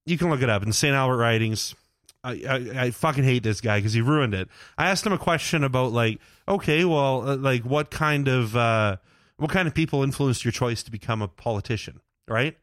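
This young man, a podcast co-host, spins meandering stories in a casual chat, cursing a lot and leaning on "like" and "uh." He speaks fairly quickly in a mid-range, fairly bright voice, and the studio-quality sound has no echo.

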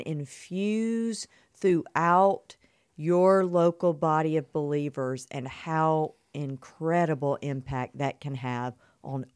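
A woman's voice: low voice, a little mellow, clean tone, dry recording, clean studio sound. A woman co-hosting a podcast about marriage ministry, explaining her points earnestly in long linked sentences. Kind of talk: casual conversational podcast.

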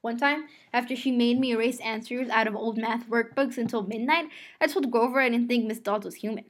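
A woman's voice: a little high, brisk. A woman reading a novel aloud, telling the first-person story in a conversational way. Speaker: reader.

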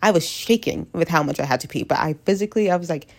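A woman's voice: fairly low pitch, fast. A woman of twenty with a stuffy head cold, ranting candidly and bluntly to camera, swearing freely as she rambles. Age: 20s. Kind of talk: candid vlog rant.

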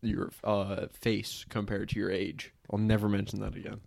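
A man's voice: on the low side, level tone, normal speed, gravelly, darkish tone. A young man co-hosting a podcast in casual chat, cutting in with jokes. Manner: wisecracking, interjecting jokes. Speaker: podcast co-host.

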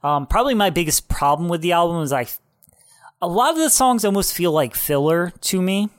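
A man's voice: high voice, expressive, brisk, no room sound, studio quality. Laid-back opinionated young man. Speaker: podcast co-host. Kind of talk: casual chat.

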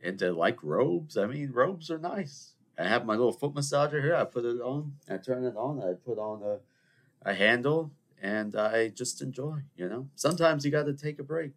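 A man hosting a podcast in a casual, rambling solo monologue, self-mocking and animated. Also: medium pitch, normal speed. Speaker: podcast host.

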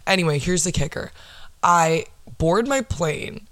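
A woman's voice: on the low side, lively intonation, measured pace, a bit bright, dry recording, clean studio sound. Profane, exasperated woman ranting on a podcast. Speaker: podcast host. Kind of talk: solo podcast rant.

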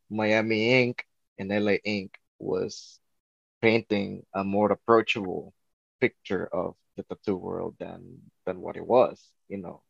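A man's voice: low-pitched, creaky, no room sound. A man who works as a tattoo artist, guest on a podcast, telling a long story in a rambling way full of "you know, like". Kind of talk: casual storytelling. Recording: dull lo-fi.

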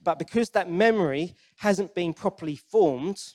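A man's voice: high-pitched, lively intonation, normal speed, darkish tone. A man preaching a sermon in a conversational, earnest way, often restarting his sentences and asking the congregation questions. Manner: asks the congregation direct questions.

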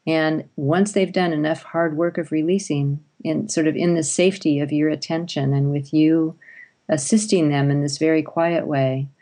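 In a conversational interview, a parenting expert guest explains and shares stories, voicing both parent and child. She speaks at a moderate pace in a low, mellow, steady voice.

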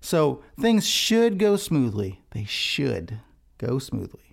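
A man talks in a relaxed devotional vlog, his voice mid-pitched with a gravelly fry. He rambles easily and stops to restart a thought or toss in an aside. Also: slow.

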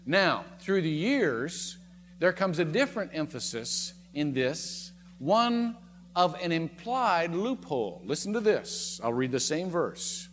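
A man preaching a sermon as pastor, speaking expressively and swinging his pitch up and down as he makes his points. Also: sing-song, takes it slowly, a bit bright, in a large hall, slight background noise. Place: church sanctuary.

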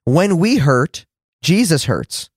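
A man hosting a faith podcast, teaching in an earnest, conversational way and acting out his own words with lively shifts. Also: a little high, takes it slowly, no echo, studio quality. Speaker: podcast host and preacher.

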